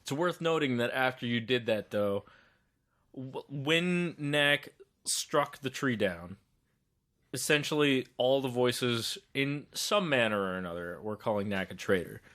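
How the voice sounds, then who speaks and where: A man's voice: mid-range voice, animated, unhurried, fairly bright tone. A man running a tabletop game as game master, setting scenes in a loose, descriptive way with lots of hedging fillers.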